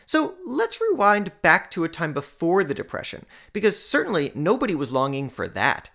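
Wry, lively female podcast narrator. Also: lowish voice, normal speed. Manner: wry, conversational, playful asides. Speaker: podcast host. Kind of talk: scripted narration.

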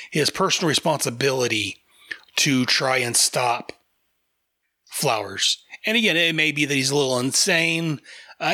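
An enthusiastic man chats casually as a host, rambling along with frequent fillers. His voice sits a little high and sounds bright. The sound is close and dry. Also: no echo. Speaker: podcast host reviewing comics. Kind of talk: casual review chat.

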